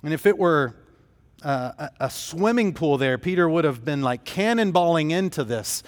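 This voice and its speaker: A man's voice: a little high, lively intonation, moderate pace, long reverb tail. A man preaching a sermon as pastor, telling the story in an earnest, emphatic way.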